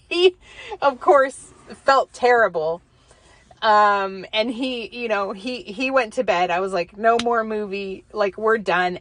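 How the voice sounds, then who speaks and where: A woman's voice: medium pitch, a bit bright, no room sound. A mother talking candidly to herself in her car, rambling with plenty of fillers and restarts as she works through her feelings. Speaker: podcaster reflecting alone. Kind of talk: casual personal monologue. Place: inside a car.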